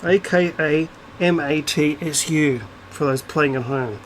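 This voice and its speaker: A man with a somewhat high voice rants to camera in a profane, sarcastic and indignant way. He keeps tossing out rhetorical questions and "um"s between jabs. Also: moderate pace, few pauses, slight background noise. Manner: rhetorical asides and frequent fillers. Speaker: video creator. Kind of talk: ranting monologue to camera.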